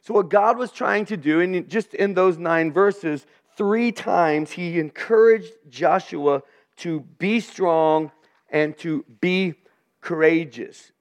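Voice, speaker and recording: An older man preaching a sermon to a room of listeners, earnest, often stammering and repeating words as he builds his points. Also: sits high. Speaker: pastor. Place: church room with a live audience.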